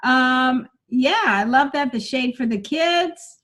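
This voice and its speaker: A woman with a high voice runs a comedy coaching session. She talks energetically and emphatically, and now and then breaks into loud acted-out joke lines to show how they should land. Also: lively intonation, slow. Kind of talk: coaching session with feedback on jokes.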